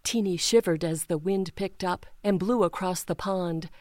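A woman reading children's picture books aloud, slow and expressive, giving the characters their own voices. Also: lowish voice, no room sound. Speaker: children's storytime reader.

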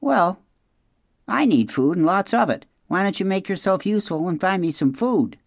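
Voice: medium pitch, sing-song, normal speed, dry recording, studio quality, pitched above the performer's own voice. A reader doing a sly, sneering fox. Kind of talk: storybook read-aloud.

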